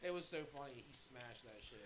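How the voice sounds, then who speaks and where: A man's voice: medium pitch, expressive, fairly quick. A man co-hosting a podcast, telling profane stories full of acted quotes and laughing often. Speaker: podcast co-host. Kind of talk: casual chat. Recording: roomy echo with crowd noise.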